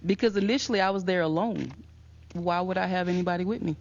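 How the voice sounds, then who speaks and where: A woman's voice: fairly low pitch, quick pace. A woman recalling a sudden loss in earnest, reflective personal storytelling. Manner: reflective, earnest, reliving a shock. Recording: dull lo-fi recording.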